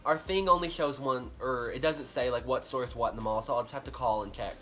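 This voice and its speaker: A man's voice: mid-range voice, quick pace, pushed and bright, soft background music, lightly acted. A man quoting a polite woman on a helpline. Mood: reassuring. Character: polite, helpful woman on a company phone line.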